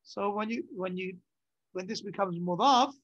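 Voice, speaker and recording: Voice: medium pitch, moderate pace, fairly bright tone, dry recording. Dull, dry lo-fi recording of a grammar teacher. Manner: repeats terms and checks understanding with short questions. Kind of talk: classroom lesson.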